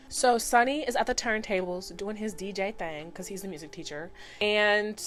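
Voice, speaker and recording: A woman in her twenties giving a chatty, animated recap of a cartoon episode, slipping into voices for the characters. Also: medium pitch, moderate pace, faint music behind. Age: 20s. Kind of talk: casual commentary recap.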